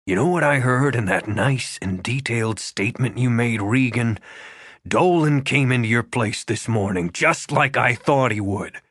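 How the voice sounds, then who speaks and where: A man's voice: mid-range voice, normal speed, a bit bright, breathy edge, dry recording, studio quality. A man voicing a brooding, hot-tempered young man in an audiobook, curt and bitter. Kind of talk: audiobook character voice.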